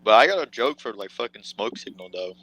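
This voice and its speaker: A man's voice: lowish voice, lively intonation, brisk, pushed and bright, low-quality recording. A young man in a heated online debate, casual and brash, laughing at the others.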